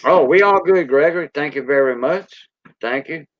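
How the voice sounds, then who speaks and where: A man's voice: on the high side, moderate pace, dry recording. A man with a Cajun accent hosting a casual livestream, rambling in a folksy way and greeting viewers by name. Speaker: livestream host. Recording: dull lo-fi dry sound.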